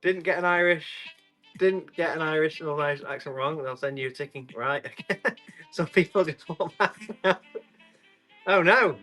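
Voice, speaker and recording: A man talks casually through a live-stream tool sale, joking with the chat as he goes. His voice is bright and a touch high. Soft music plays faintly underneath. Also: unhurried, pauses often. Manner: chatty and rambling, joking with the chat. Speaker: live online tool auction seller.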